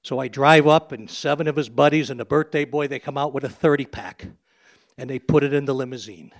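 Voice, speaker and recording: A man's voice: mid-range voice, brisk, dull audio. A man in his sixties, a limousine driver, telling a salty, blunt story live on stage.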